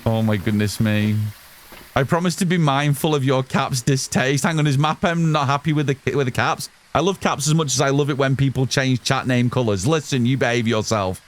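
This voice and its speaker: Gaming on a live stream, a man who is loud and excitable banters casually with his chat and swears freely. He speaks at a medium pitch and a moderate pace.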